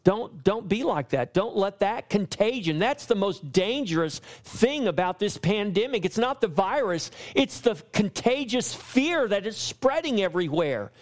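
Man preaching a sermon, fairly high voice. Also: sing-song, a little slow, hardly any pauses. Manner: emphatic preaching with rising repeated lines. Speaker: pastor.

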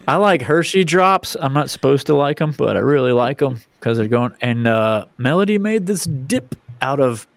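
A man's voice: medium pitch, expressive, normal speed, vocal fry, no room sound. A man chatting as a guest on a video call, telling rambling, jokey stories and laughing often. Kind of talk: casual chat.

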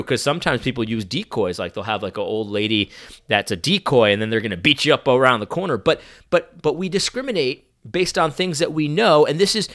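A young man giving a sarcastic, animated opinion monologue full of restarts. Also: medium pitch. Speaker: commentator.

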